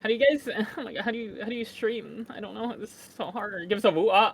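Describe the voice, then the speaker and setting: A guest co-streamer chatting casually on a voice call, excitable, laughing easily and sometimes yelling. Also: mid-range voice. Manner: excitable, quick to laugh and yell.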